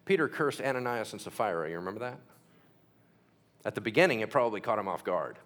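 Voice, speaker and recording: Lively preacher man with sound effects. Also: on the low side, a little fast. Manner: animated storytelling with sound effects and acted-out quotes. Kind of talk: sermon.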